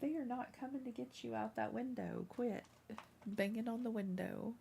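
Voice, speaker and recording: A woman's voice: fairly high pitch, fairly even intonation, normal speed, vocal fry, warm tone, a little hiss or hum. A woman hosting a casual craft livestream, chatting with viewers and scolding her cat. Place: home room.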